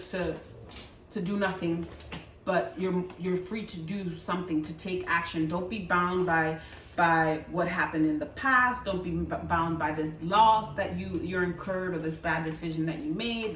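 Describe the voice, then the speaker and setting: Giving a pick-a-card tarot reading in a lowish voice, a woman speaks a little slowly, chatty and coaxing, often repeating words and checking in with "right?" The mic sits at a distance in an echoey room, and background noise is present.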